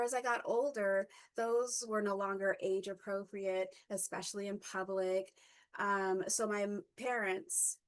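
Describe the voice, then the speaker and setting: A woman in her fifties shares a personal reflective story at a mid-range pitch. She moves haltingly, with many fillers and restarts, and now and then a stutter catches on a word. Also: fairly bright tone, rough recording. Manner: halting, with frequent fillers and self-corrections; occasional stutter. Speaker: workshop speaker.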